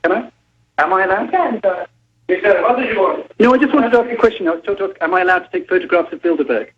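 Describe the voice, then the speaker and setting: A man calls in over a muffled phone line from a police station. His voice sits high and moves lively, and he speaks politely and hesitantly, apologizing often. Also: fast, husky. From Britain. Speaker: newspaper reporter calling in.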